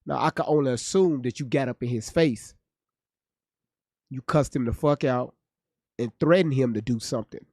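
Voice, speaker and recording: A man's voice: mid-range voice, normal speed, pauses often, darkish tone, dry recording, clean studio sound. A male streamer giving blunt, profane live commentary on a clip, often repeating his words as he thinks aloud. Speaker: streamer reacting to clips.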